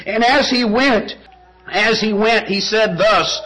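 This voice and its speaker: A man delivering a sermon in a high, bright voice. He preaches emphatically, repeating phrases and posing rhetorical questions. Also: slow, rough recording.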